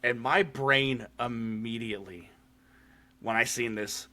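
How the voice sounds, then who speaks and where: A man's voice: medium pitch, steady tone, slow pace, sharp tone. A man hosting a podcast, casually recapping a horror short film, swearing freely and using lots of fillers. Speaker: podcast host. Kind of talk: casual chat.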